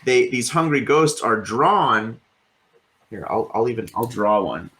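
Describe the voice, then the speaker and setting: With a medium-pitched, fairly bright voice, a man co-hosting a podcast speaks expressively at a measured pace. He chats casually and rambles, heavy on fillers and casual swearing.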